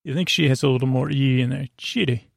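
A man hosting a sleep podcast, recapping an episode in a rambling, halting way with many filler sounds. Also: vocal fry, no room sound, studio quality. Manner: low-key, flat and meandering. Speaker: podcast host.

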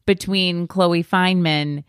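Brief: female podcast host, fairly low pitch, dry mic, eager casual talk. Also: steady tone, takes it slowly, clean tone, dry recording. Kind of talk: casual chat.

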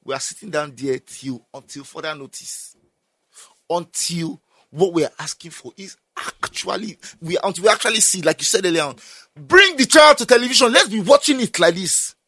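A young man with a Nigerian accent talks emphatically in casual conversation, his fairly high voice swooping with lively energy. His tone is bright and forceful, recorded dry and close. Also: normal speed, husky, dry recording. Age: young adult. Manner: emphatic, animated, laughs often. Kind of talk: casual chat.

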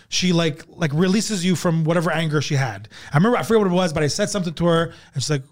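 A high-pitched man from Montreal talks as a comedian guest on a podcast. He rambles through profane stories, full of fillers and restarts. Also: rapid-fire, few pauses. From Montreal, Canada. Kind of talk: casual podcast chat.

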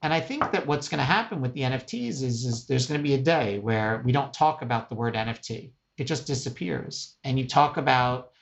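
A middle-aged man speaking as an executive guest in a casual interview, emphatic and animated, often checking in with "right?". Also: medium pitch, a little fast, vocal fry, hardly any pauses.

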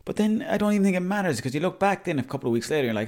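A man's voice: sits high, lively intonation, racing, a little mellow. A young Irish man hosting a podcast, rambling in a chatty, casual monologue and swearing freely. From Ireland. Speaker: podcast host.

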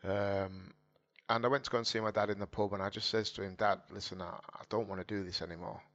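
A man talks in a fairly low voice, earnest and openly emotional as he recounts his past. He loops back over his words and acts out old conversations. The recording sounds dull and lo-fi. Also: fairly even intonation, fast, a bit bright. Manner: earnest, emotional, repeats phrases and quotes his dad. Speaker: guest, former footballer turned boxer. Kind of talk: candid conversational storytelling. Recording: dull lo-fi audio.

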